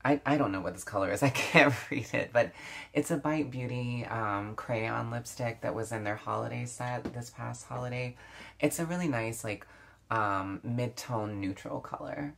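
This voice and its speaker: A woman's voice: rumbling low, normal speed, gravelly, a bit bright. Woman, beauty vlogger, casual makeup chat, reflective, lots of fillers and restarts. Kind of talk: casual get-ready-with-me chat.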